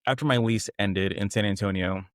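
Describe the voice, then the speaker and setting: A man, a podcast guest, candidly recounting a painful past relationship with animated retelling and frequent laughs at how absurd things were. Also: fairly low pitch, a little fast, dry recording, clean studio sound. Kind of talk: candid personal storytelling.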